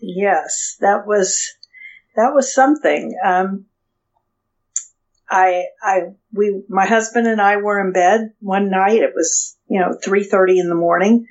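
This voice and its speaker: Slow, hesitant woman recounting memories. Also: mid-range voice. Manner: hesitant, halting with restarts and fillers. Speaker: guest. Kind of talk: personal storytelling interview. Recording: dull lo-fi sound.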